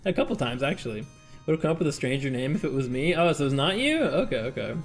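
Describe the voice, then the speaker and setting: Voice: mid-range voice, very animated, fast, faint music behind. A streamer chatting casually with viewers during a game, laughing often and reading game text aloud. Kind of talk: casual live-stream gameplay chat.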